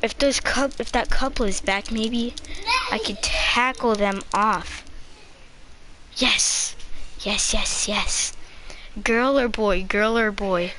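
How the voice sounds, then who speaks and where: A woman giving excited gameplay commentary, talking to herself with sudden yelling bursts and laughing asides. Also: fairly high pitch, slow, pauses often, background noise.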